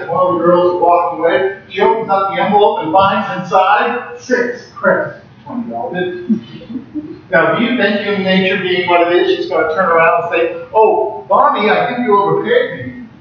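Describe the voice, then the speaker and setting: A man's voice: sits high, a little hiss or hum. Man preaching in an echoey hall. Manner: storytelling, acting out characters in a folksy modern voice. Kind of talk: sermon retelling a parable. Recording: distant, echoey, dull sound.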